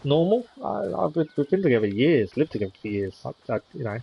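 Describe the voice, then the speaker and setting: A man's voice: mid-range voice, sing-song, fast talker, gravelly, slightly rough, dull audio. A man streaming a game live, chatting casually with viewers in a hesitant way with many ums. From United Kingdom. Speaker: gaming streamer.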